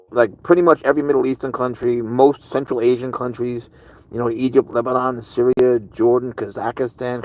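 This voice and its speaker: A man's voice: medium pitch, low-quality recording. Chatty male streamer talking to chat. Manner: rambling, curious and chatty, answering chat comments. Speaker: live streamer. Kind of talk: casual live-stream chat with viewers.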